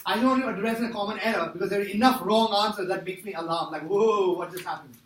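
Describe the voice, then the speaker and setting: A man lectures a math class in a high, bright voice, pressing his points again and again and firing questions at the students. He is recorded from a distance in an echoey classroom with a faint hiss. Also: rapid-fire. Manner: emphatic, repeats himself, quizzes students. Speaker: math teacher.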